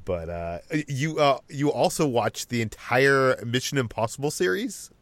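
A man's voice: medium pitch, lively intonation, a little slow, fairly bright tone, dry recording. Man hosting a podcast, dry sound. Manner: rambling, asks co-hosts questions. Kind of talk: casual chat.

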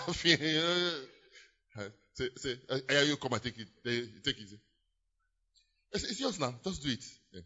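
A man preaching a sermon in church, acting out little scenes with loud exclamations. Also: fairly high pitch, breathy edge. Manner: animated, acts out scenes with shouted exclamations. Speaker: pastor. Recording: dull lo-fi church recording.

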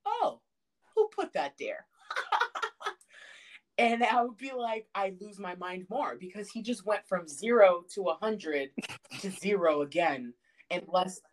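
A young woman co-hosting a podcast, telling family stories in a casual, profane, animated way, often laughing and breaking into loud outbursts. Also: medium pitch, a little slow. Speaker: podcast co-host. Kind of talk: casual chat.

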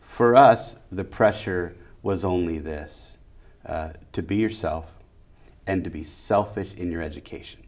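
Deep-voiced man, emphatic and rhythmic. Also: unhurried, a little mellow. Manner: emphatic, repeats key phrases in rhythmic lists. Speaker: educator and school leader. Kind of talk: interview conversation.

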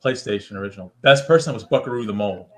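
A man's voice: fairly low pitch, lively intonation, racing, crowd noise. A man co-hosting a casual podcast, talking in a laid-back, slangy way with plenty of swearing. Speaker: podcast co-host. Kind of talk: casual chat.

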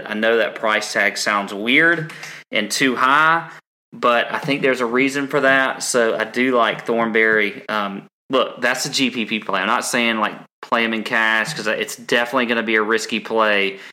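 A man's voice: fairly low pitch, fairly even intonation, moderate pace, sharp tone. A man co-hosting a podcast, chatting casually with lots of ums and restarts. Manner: rambling, frequent ums and restarts. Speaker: podcast co-host.

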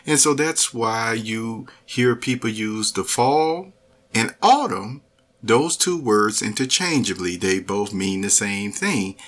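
A man hosting a podcast, talking in a relaxed, rambling way with many fillers. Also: mid-range voice. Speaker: podcast host. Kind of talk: casual podcast monologue.

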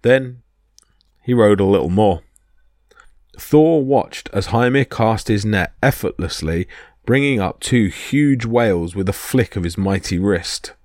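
A man's voice: lowish voice, a little slow, no echo, clean studio sound. A man narrating myths as a podcast storyteller, reading expressively. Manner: expressive reading that voices each character.

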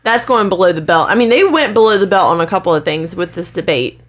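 A woman's voice: lowish voice, animated, fast. A woman co-hosting a podcast, chatting bluntly about politics. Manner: chatty, blunt, occasional swearing. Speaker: podcast co-host. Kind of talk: casual political chat.

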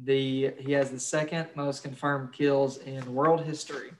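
A man's voice: medium pitch, level tone, a little slow, slight background noise. A young man co-hosting a casual podcast, crude and joking, swearing freely. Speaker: podcast co-host.

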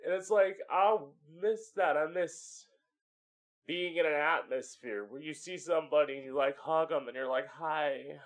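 A man's voice: on the high side, moderate pace. A man hosting his own podcast from home, talking in a candid, chatty way and swearing freely. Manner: chatty and candid, swears often, acts out voices for effect. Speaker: podcast host. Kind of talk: casual solo podcast monologue.

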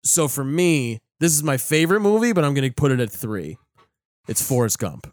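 A man's voice: medium pitch, big pitch swings, normal speed, no room sound, clean studio sound. Joking young man in casual chat. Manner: jokey, quotes films in put-on voices. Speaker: podcast co-host. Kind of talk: casual chat about favorite movies.

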